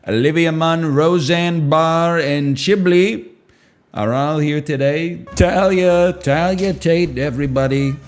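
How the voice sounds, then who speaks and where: A man's voice: a little high, takes it slowly, faint music behind. A bragging older showman politician, put on by a man for laughs on a stream. He announces and repeats names like a rally emcee. The voice sits raised and pushed well above his usual speech. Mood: boastful. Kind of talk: comedic impression on a stream.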